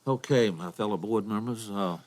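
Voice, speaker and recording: Lower-voiced man chairing a meeting. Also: moderate pace, darkish tone. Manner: formal, procedural. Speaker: board chairman.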